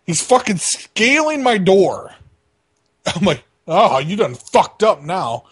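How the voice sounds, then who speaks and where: A man casually telling a profane, animated story about a bug to his co-hosts. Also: high-pitched, takes it slowly, slightly rough. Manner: swears constantly, animated storytelling. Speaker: co-host of a prank call show.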